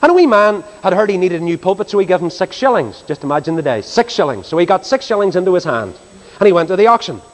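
A man preaching a sermon, telling stories in an animated, dramatic way. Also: sits high, quick pace. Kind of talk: sermon storytelling. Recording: reverberant hall.

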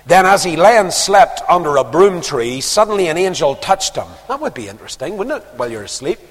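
A man preaching a sermon, reading verses aloud and stopping for quiet, conversational comments. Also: a little high, big pitch swings, brisk. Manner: reads verses aloud, then drops into quiet conversational asides. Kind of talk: sermon, reading scripture with asides. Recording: long reverb of a large hall.

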